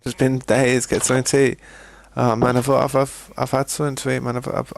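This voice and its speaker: This British gaming streamer chats with viewers during live gameplay, often restarting what he's saying and addressing them as "mate" and "boys." He speaks in a mid-range monotone, fairly quickly, with a noticeable vocal fry.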